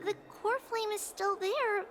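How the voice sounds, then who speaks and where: An actress voicing a gentle, earnest young woman healer with a British accent in a video game. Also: extremely high pitch, a little slow, slight background noise. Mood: worried. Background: game music.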